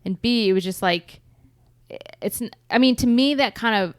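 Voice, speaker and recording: A woman's voice: on the high side, moderate pace, smooth, no room sound, studio quality. A woman co-hosting a podcast in casual chat, thoughtfully pointing out details. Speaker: podcast co-host.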